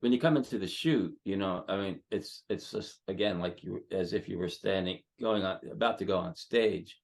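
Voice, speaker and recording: A man, a headshot photographer, giving rambling, halting advice full of fillers as a guest in an online seminar. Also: sits low.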